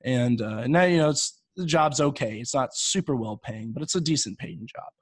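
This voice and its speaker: A man's voice: mid-range voice, animated, normal speed, slightly rough, no room sound. A young man in his twenties, a podcast co-host, telling a long shaggy-dog joke in a rambling way, with many restarts. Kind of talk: casual podcast storytelling.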